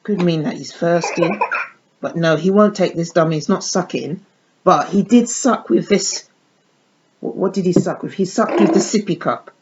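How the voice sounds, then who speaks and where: In this dull, slightly noisy lo-fi clip, a woman with a fairly low voice talks at a moderate pace. She's a vlogger showing off a baby doll in a relaxed unboxing, cooing at the dolls as if they were babies.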